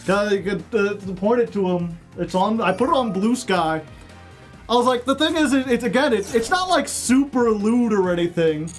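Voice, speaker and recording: A man's voice: high voice, animated, normal speed, faint music behind. A man streaming a card game, chatting casually with his chat, rambling and laughing at his own jokes. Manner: rambling, joking, laughs often.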